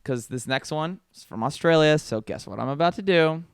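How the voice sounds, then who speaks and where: A man's voice: on the high side, lively intonation, brisk, clean tone, dry recording. A man co-hosting a casual podcast, joking and swearing as he reads taglines aloud. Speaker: podcast co-host. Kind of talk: casual chat.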